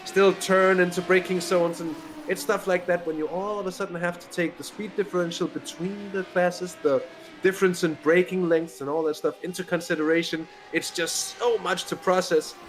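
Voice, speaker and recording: A man co-commentating on a sim race, explaining the action in a measured, slightly hesitant way. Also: sits high, steady tone, over music.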